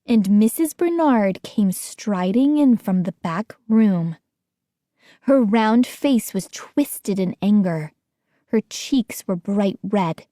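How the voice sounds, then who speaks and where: A woman's voice: mid-range voice, animated, slow, warm tone, no echo, studio quality. A woman narrating an audiobook as scripted story narration, acting out a frightened young narrator and the other characters.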